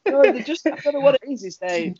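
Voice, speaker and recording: A man whose voice sits high for a man, co-hosting a relaxed podcast chat with rambling, easygoing stories. The sound is dull and lo-fi. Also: fast, heavy background noise. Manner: easygoing, rambling anecdotes, laughs often. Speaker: podcast co-host. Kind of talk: casual chat.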